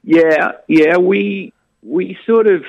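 A man tells stories in a lively rush, stumbling over restarts as he talks. His voice has a gravelly edge and comes through a tinny phone line. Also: high-pitched, slow pace, dry recording. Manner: animated storyteller, frequent restarts. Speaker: comedian guest. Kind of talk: casual radio interview.

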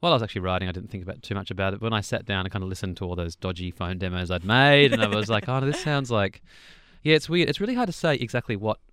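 A man's voice: on the low side, lively intonation, rapid-fire, few pauses, fairly bright tone, smooth, no room sound, clean studio sound. A young man, a songwriter, chatting loosely in an interview with restarts and small laughs. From Australia. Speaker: songwriter guest. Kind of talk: relaxed interview chat.

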